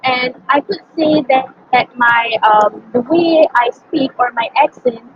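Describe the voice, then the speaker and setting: A woman's voice: sits high, measured pace, highs cut off, soft background music. A young woman with a Malaysian English accent, a native Malay speaker, earnestly answering interview questions and thinking aloud with many ums. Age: young adult.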